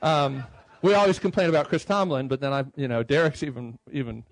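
A middle-aged man speaking at a conference about writing hymn tunes, talking in a conversational way and slowly reading lines out loud. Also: mid-range voice, animated, no room sound, poor audio. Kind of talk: conference talk. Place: conference room.

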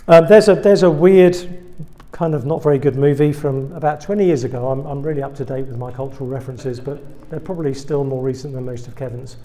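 A man's voice: medium pitch, fast, mellow. A man from England with an English accent, a guest preacher giving a humorous sermon to students, full of self-deprecating, wry asides.

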